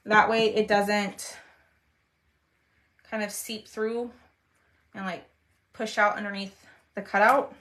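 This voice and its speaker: A woman's voice: mid-range voice, little pitch movement, takes it slowly, long pauses, fairly bright tone. A woman, chatting casually with viewers while she crafts on a livestream, trailing off as she concentrates.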